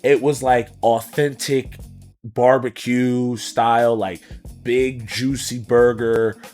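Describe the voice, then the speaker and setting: A man's voice: medium pitch, little pitch movement, slow pace, darkish tone, soft background music. Laid-back young man, rambling podcast chat. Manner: laid-back, rambling, says bro constantly, laughs often. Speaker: podcast co-host. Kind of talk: casual chat.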